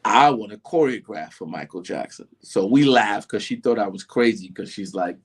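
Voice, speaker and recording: Animated New storyteller, middle-aged man. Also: fairly low pitch, moderate pace, breathy edge. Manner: animated, acts out voices in his story. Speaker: interview guest. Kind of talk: casual storytelling.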